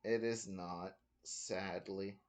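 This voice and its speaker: A man playing a tabletop game, unhurried and blunt in casual chat. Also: low-pitched, steady tone, a little hiss or hum. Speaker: player.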